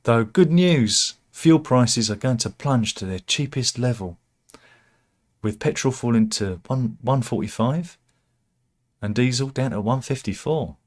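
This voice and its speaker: A man's voice: mid-range voice, a little slow, darkish tone. A man from the UK, hosting a casual news chat, reading out headlines with wry, sarcastic asides and frequent restarts.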